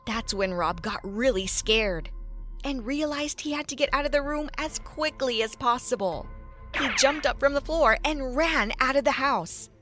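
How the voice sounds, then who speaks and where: A young woman narrating a first-person story in a lively, expressive way. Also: high voice, normal speed, faint music behind.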